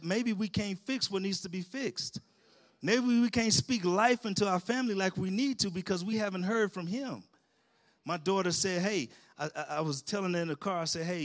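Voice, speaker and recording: A middle-aged man preaching in a church sanctuary, his voice sitting a little high for a man. He talks lively and colloquially, laughs along with the congregation and calls out amens between points. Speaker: pastor. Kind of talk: sermon.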